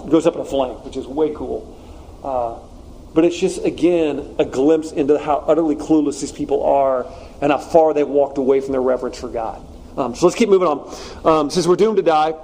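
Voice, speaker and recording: Male pastor, casual conversational sermon, mellow tone, faint background hiss. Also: a little high, low-quality recording. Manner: conversational, animated with slangy asides.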